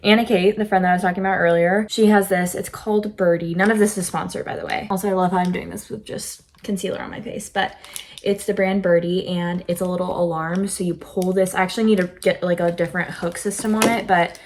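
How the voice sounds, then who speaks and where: A woman's voice: fairly low pitch, fairly even intonation, fast, darkish tone. A teenage girl vlogging from her bedroom, telling a story casually and emotionally, with lots of fillers. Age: teens. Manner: rambling, filler-heavy, emotional retelling.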